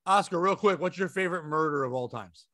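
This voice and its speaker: Man, bright voice, dry close sound, comedic storyteller, casual co-host. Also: on the high side, fairly quick, dry recording. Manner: animated storyteller who acts out shouting customers. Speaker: podcast co-host.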